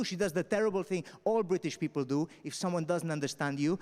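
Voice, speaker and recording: A man from Spain doing stand-up storytelling on a festival stage, punchy and animated, with frequent "all right?" asides. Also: on the high side, fast talker, few pauses. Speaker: stand-up comedian. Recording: long hall reverb.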